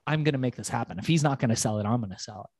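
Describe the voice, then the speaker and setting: A middle-aged man tells a story as a podcast guest, swinging into other people's voices as he quotes them and swearing as he goes. His voice sits at an ordinary middle pitch. The recording is close and dry, with no room sound. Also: racing, darkish tone, no echo.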